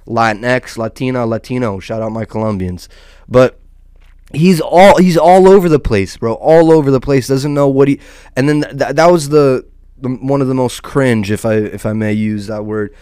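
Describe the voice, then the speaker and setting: A man riffing in casual, profanity-laced commentary, rambling and restarting his sentences as he goes. His voice comes through smooth and resonant, recorded dry and close with no room sound. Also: mid-range voice, lively intonation, normal speed, darkish tone, dry recording. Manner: rambling, loose, with frequent restarts and "dude". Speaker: host of a small online channel.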